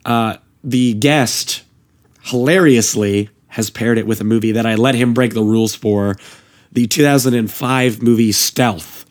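A man hosting a podcast in casual chat, his voice hoarse and worn out. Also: mid-range voice, fairly even intonation, unhurried, slight background noise. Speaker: podcast host.

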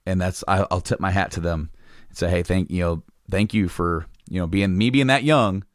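A man's voice: low-pitched, normal speed, no echo, clean studio sound. A man telling a long personal story in casual chat, rambling and restarting sentences, laughing often. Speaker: podcast guest telling a story.

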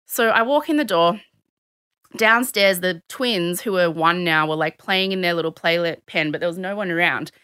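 Brief: Australian woman, chatty storyteller, bright forward tone, dry close sound. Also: on the low side, normal speed, clear, resonant tone, dry recording. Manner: animated, acts out quotes of others. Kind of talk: casual storytelling chat.

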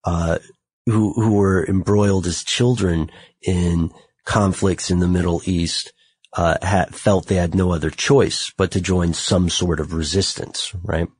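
American male podcast host, very low husky voice, thoughtful, self-mocking. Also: fairly even intonation, measured pace, darkish tone, no echo. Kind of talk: podcast conversation.

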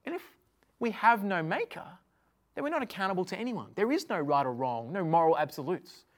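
A woman preaching a sermon to viewers, in a conversational, animated way that swings from hushed to loud. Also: on the low side, a little fast. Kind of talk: sermon to an online audience.

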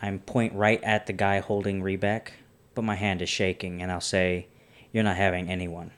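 A man's voice: low voice, flat delivery, normal speed, a bit bright, clear, resonant tone. A man playing in a tabletop game, bold and decisive about his moves. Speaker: player. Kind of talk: casual tabletop play.

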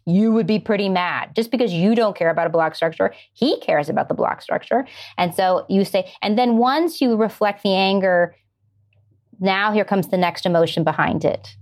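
A middle-aged woman who works as a screenwriter answers interview questions earnestly as a guest, illustrating her ideas with everyday examples. Her voice is medium in pitch.

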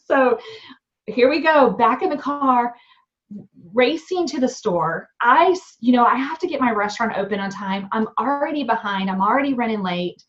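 Animated young mom telling her story. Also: a little high, normal speed. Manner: animated, candid, many fillers. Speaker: guest, restaurant owner. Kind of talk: storytelling interview. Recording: dull lo-fi sound.

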